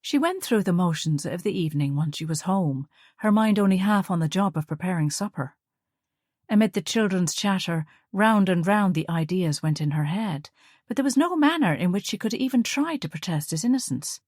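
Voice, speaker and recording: A woman narrates a scripted audiobook in a steady, measured storytelling manner. Her voice sits on the low side, with clean studio sound and no echo.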